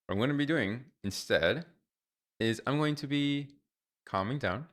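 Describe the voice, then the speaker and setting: A man's voice: mid-range voice, normal speed, fairly bright tone. A young adult man streaming live, ranting in an exasperated way with lots of fillers and restarts.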